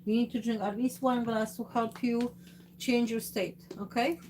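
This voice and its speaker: A woman hosting a casual livestream chat, talking haltingly with many fillers and restarts in a gently instructive, motherly way. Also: on the high side, steady tone, slight background noise. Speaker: host of a livestream channel.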